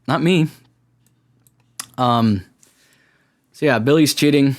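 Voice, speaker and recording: A man's voice: mid-range voice, animated, normal speed. A man hosting a solo podcast, rambling in a self-deprecating way with lots of fillers and restarts. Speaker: podcast host. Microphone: camera-recorded podcast setup.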